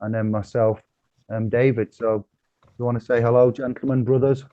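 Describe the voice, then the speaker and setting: A man's voice: medium pitch, level tone, normal speed, no echo, highs cut off. A man hosting a casual online chat show, rambling and chuckling with many fillers. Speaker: host.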